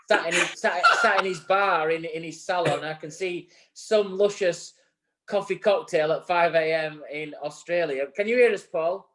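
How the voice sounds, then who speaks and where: A man's voice: high-pitched, a little slow, fairly bright tone. A man co-hosting a live barbering show, chatty and joking with guests. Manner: jokey, chatty, encouraging. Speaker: podcast co-host.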